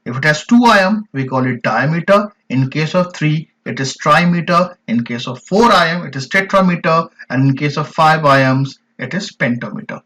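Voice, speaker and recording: A man teaching a poetry lesson in an online class, explaining terms slowly and emphatically with repeated examples. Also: a little high, expressive, fairly bright tone. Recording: dull lo-fi recording.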